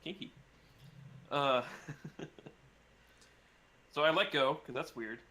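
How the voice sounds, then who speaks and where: Man, tabletop player, joking, bright forceful voice. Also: medium pitch, animated, takes it slowly. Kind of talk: playing a tabletop game.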